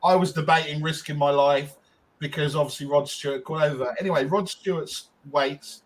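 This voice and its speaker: A man's voice: fairly high pitch, steady tone, fairly quick, low-quality recording. A man co-hosting a podcast, telling a long casual story with lots of ums and restarts. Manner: rambling, frequent ums and restarts. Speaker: podcast co-host.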